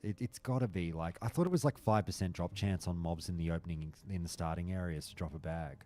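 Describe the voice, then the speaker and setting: A man's voice: deep voice, fast. A man hosting a stream, chatting casually with his viewers and telling stories full of swearing. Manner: frequent swearing, animated storytelling. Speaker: stream host. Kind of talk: casual chat with live chat.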